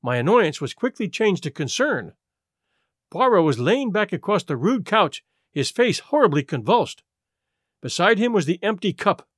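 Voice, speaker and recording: A man reading an audiobook as first-person narration in an expressive way. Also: sits high, moderate pace, slightly rough, no echo, studio quality. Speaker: audiobook reader.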